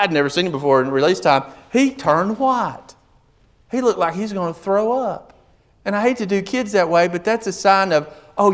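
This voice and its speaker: A man preaching a sermon in an animated way, asking rhetorical questions and acting out the voices he quotes. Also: high voice. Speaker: pastor.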